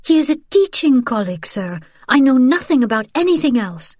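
A frightened young woman teacher, voiced by a woman reader, her voice raised and tense with nerves. She speaks up higher than the low narration around her. The sound is dry and close. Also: fairly even intonation, slow pace, darkish tone, husky, no room sound.

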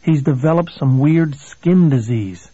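Haunted desperate lawyer, read by a man, husky, mellow, storybook telling. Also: on the high side, a little slow, no room sound, lo-fi sound. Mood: urgent, pleading.

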